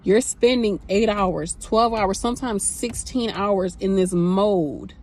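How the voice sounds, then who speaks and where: A woman's voice: mid-range voice, takes it slowly, darkish tone. A woman in her thirties, a nurse, talking candidly and emotionally to her phone camera in a rambling, casual way. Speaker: nurse vlogger.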